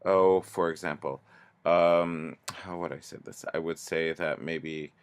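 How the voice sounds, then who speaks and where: Explaining each example in a grammar lesson, a teacher speaks slowly and patiently in a very low, gravelly voice with fairly even intonation. He pauses frequently and restarts his sentences.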